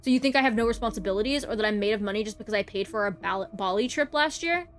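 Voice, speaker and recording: A controlling, angry young man, read by a woman streamer, accusing and harsh in a visual-novel story. His lines come out sharp and blaming at a middling pitch. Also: fast talker, faint music behind, lightly acted. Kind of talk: reading a visual novel aloud.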